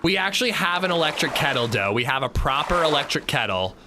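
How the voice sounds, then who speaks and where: A man's voice: a little high, sing-song, fast, music in the background. A man streaming a game, chatting casually and jokingly answering his chat. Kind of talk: casual livestream chat while gaming.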